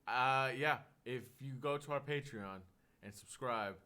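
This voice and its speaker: A man's voice: medium pitch, measured pace, pushed and bright, smooth. A young man from Oklahoma co-hosting a podcast in laid-back, jokey casual chat. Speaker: podcast co-host.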